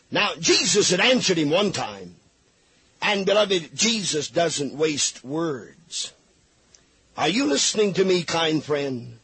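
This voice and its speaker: A man's voice: high-pitched, a bit bright, husky, no room sound. A man preaching a fervent sermon, reading scripture aloud and pleading with his listeners.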